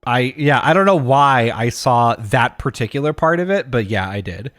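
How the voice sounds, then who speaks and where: A man's voice: mid-range voice, expressive, normal speed, fairly bright tone, no echo, clean studio sound, soft background music. A man co-hosting a podcast in casual chat, laid-back, chuckling often and trailing off mid-thought. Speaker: podcast co-host.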